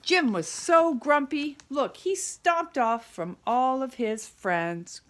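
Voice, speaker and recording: A woman reads a children's picture book aloud with a high voice that rises and falls a lot. She takes her time and keeps it animated. She stops now and then to ask her young listeners questions. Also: slow. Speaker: teacher reading aloud to children.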